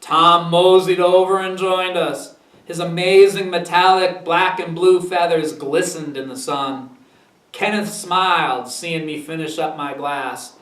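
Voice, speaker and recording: A man's voice: fairly high pitch, fairly even intonation, unhurried, a bit bright, echoey room, far from the mic, rough recording. A man with a Maine accent reading his humor book aloud in an easygoing, folksy way. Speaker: storyteller.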